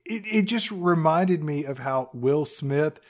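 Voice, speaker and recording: A man's voice: a little high, animated, slow pace. A man co-hosting a podcast who gives blunt, sarcastic takes on a film in casual chat and swears freely. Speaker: podcast co-host. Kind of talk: casual movie recap chat.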